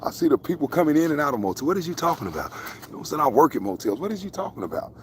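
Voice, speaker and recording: Racing through his words in a very animated, fairly high voice, a man rambles to his viewers during a casual outdoor livestream vlog in the country. He jokes constantly and curses freely as he talks to them. A little hiss or hum is audible.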